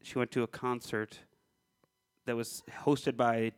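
A man's voice: mid-range voice, little pitch movement, a little slow, clean tone. Teasing man hosting a podcast. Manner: joking, teasing, laughs often. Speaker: podcast host. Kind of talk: casual podcast banter.

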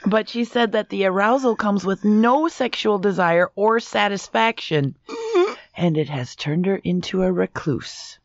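A woman's voice: medium pitch, a little slow, no echo. A woman reads out a story on a comedy podcast, breaking into laughter now and then. Her voice sits in a middle register, and the recording is dry and a little dull. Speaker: co-host reading a news story.

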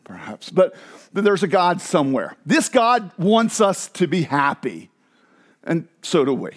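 A man preaching a sermon in an animated, conversational way with emphatic asides. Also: high voice, a little slow. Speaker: pastor.

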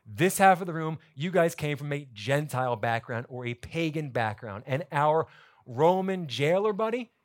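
A man preaching a sermon to his church congregation, explaining scripture in a lively, conversational teaching manner. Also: on the high side. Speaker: pastor. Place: church sanctuary.

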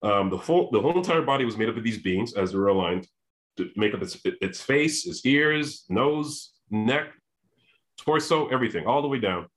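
A man telling a long personal story, animated, often restarting his sentences and acting out what people said. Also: mid-range voice, normal speed. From Canada. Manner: animated, repeats and restarts, acts out quoted voices. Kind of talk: storytelling monologue.

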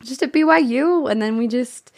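A woman's voice: sits high, moderate pace, gravelly, darkish tone. A woman in her twenties from the United States, an interview guest talking earnestly and with enthusiasm, often restarting her sentences. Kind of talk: casual interview chat.

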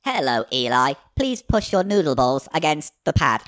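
A man voicing a talking smart door lock, slow and spoken like an automated voice. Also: fairly high pitch, sing-song, a bit bright, no echo, studio quality. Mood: robotic.

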